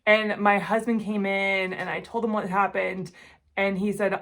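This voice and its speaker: A woman in her forties telling a personal story to the camera, earnest and emotional, often speaking quietly. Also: mid-range voice, little pitch movement, unhurried. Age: 40s. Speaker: jewelry-making channel host.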